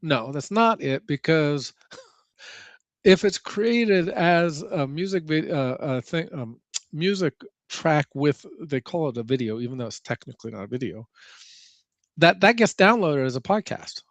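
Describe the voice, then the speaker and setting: Slightly high-voiced man, dry sound. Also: lively intonation, measured pace, no echo. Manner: conversational, explaining step by step. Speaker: podcast co-host. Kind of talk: casual chat.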